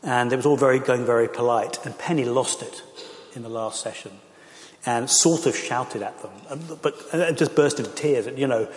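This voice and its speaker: A man's voice: medium pitch, normal speed. A middle-aged man, a pastor, speaking earnestly and with passion to a church audience, with frequent fillers. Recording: echoey hall.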